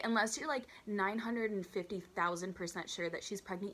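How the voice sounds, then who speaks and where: A woman telling stories from her waitressing days in an animated, incredulous way, with dramatic outbursts and a lot of "like.". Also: medium pitch, moderate pace. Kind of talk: storytime vlog.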